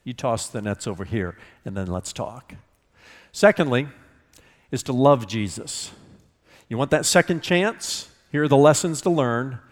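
A man's voice: medium pitch, animated, measured pace, big-room sound. A man pastor preaching a sermon in an expository manner, often repeating words for emphasis. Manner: expository, repeats words when stressing a point.

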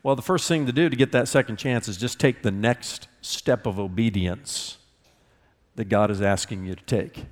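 A man's voice: on the low side, normal speed, long reverb tail. A man pastor preaching a sermon in an expository manner, often repeating words for emphasis. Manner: expository, repeats words when stressing a point.

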